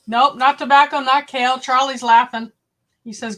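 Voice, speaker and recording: A woman's voice: high-pitched, fairly even intonation, normal speed, fairly bright tone. A woman hosting a casual livestream, chatting directly with her viewers. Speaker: homestead livestream host. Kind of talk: casual live-stream chat.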